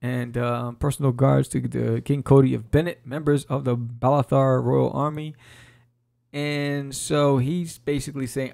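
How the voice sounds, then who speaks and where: A man's voice: medium pitch, steady tone, normal speed, gravelly, darkish tone. A man hosting a podcast and casually talking through a comic book, laid-back and joking. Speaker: podcast host.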